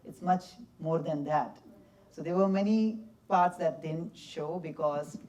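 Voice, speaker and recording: A man's voice: fairly high pitch, measured pace. Young man telling stories off-mic. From India. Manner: lively storyteller, laughs often, simple broken English. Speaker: film subject answering audience questions. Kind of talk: post-screening Q&A answers. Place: cinema or festival hall. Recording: distant from the mic.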